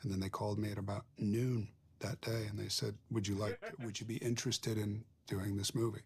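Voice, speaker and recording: Male actor, low and husky, in a thoughtful interview, telling wry anecdotes. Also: flat delivery, a little fast, a little mellow. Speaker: film actor being interviewed. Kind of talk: reflective interview storytelling.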